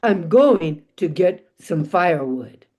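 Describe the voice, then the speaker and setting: A woman's voice: fairly low pitch, lively intonation, slow, warm tone, slightly rough, pitched below the performer's own voice, full character voice. Folk-tale figure: a bossy, grumpy dead man, put on by a woman storyteller, scolding and impatient. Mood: exasperated.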